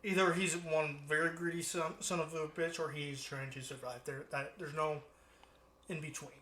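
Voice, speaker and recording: A man's voice: on the high side, fairly even intonation, moderate pace, bright, forceful tone. A man co-hosting a podcast who asks blunt, prodding questions and makes crude jokes in casual chat. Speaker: podcast co-host.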